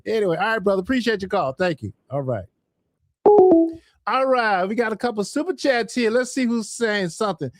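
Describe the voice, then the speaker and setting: A man's voice: high-pitched, brisk, no room sound, clean studio sound. A man hosting a casual livestream, chatting animatedly and laughing at himself. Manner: animated, self-mocking, laughs often. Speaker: livestream host.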